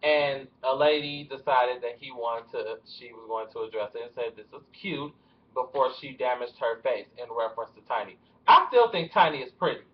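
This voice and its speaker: A young man rambles through celebrity gossip in a casual vlog at home, his mid-range voice animated and fairly quick with few pauses. He laughs nervously, and the dull, lo-fi webcam audio captures the room.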